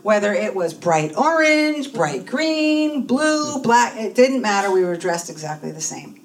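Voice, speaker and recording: A woman in her fifties shares her testimony at church, with a voice of middling pitch for a woman. She tells her story and briefly takes on the voices of the people she quotes. She is recorded from a distance in the sanctuary, with faint noise behind her. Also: sing-song, unhurried. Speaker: church speaker and minister in training. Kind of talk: personal testimony talk.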